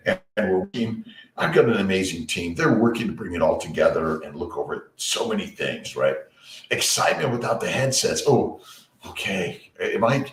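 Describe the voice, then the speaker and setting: A man hosting a casual morning livestream from his home basement office, rambling and greeting viewers by name while keeping his voice low on a headset. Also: reverberant, distant mic. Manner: works to keep his voice low and quiet.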